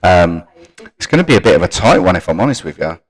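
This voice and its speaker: Low-voiced man hosting a stream. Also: very animated, fast talker, rough recording. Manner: reads league stats off screen and chats to viewers. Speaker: stream host. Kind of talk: live-stream league roundup.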